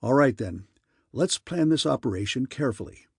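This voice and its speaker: A man's voice: mid-range voice, lively intonation, normal speed, slightly rough, dry recording, studio quality. A man voicing a stubborn male mission commander who talks in an urgent, insistent way. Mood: planning.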